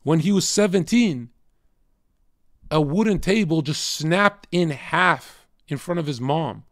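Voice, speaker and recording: A man's voice: a little high, takes it slowly. Profane ranting male streamer. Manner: profane, combative, swings from shouting to muttering. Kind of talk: casual livestream rant.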